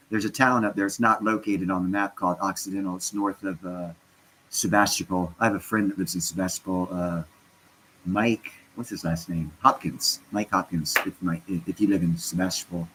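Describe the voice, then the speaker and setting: Stoned man vlogging from home, low-pitched, rambling and self-interrupting, faint hum behind. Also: brisk, bright, forceful tone, poor audio. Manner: meandering, self-interrupting, talks to viewers and his cat. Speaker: crypto vlogger. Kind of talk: casual rambling livestream chat.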